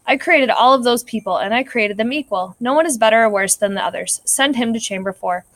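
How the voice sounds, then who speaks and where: A woman's voice: a little high, fairly quick, no room sound, close to an everyday voice. A woman voicing a stern, weary male God in a read-aloud story, judging sinners.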